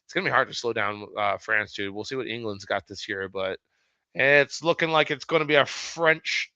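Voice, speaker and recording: A man hosting a casual sports recap show, talking loosely and swearing freely in animated outbursts. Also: mid-range voice, moderate pace, smooth, no echo. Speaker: sports podcast host. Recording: dull lo-fi sound, dry.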